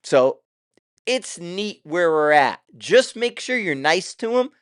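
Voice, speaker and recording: A man's voice: sits high, very animated, slow, a bit bright, smooth, no echo, studio quality. An older man hosting his own show, talking in a casual, rambling way with loose, profane asides. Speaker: show host.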